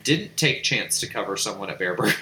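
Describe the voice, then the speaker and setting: A man co-hosting a podcast in casual chat, joking and quick to laugh. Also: fairly low pitch, lively intonation, pushed and bright, echoey room, a little hiss or hum. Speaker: podcast co-host.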